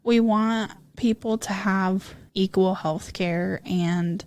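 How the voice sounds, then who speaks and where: A woman's voice: mid-range voice, fairly even intonation, slow pace, few pauses, no room sound. A young woman co-hosting a podcast in casual chat, frustrated and agreeing often. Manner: agreeing, frustrated, frequent backchannel "right". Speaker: podcast co-host.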